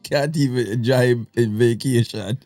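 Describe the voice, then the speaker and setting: A man's voice: mid-range voice, normal speed, a little mellow, dry recording. A man hosting a reaction show, chiming in and agreeing as he comments on a story. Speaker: host reacting to a clip.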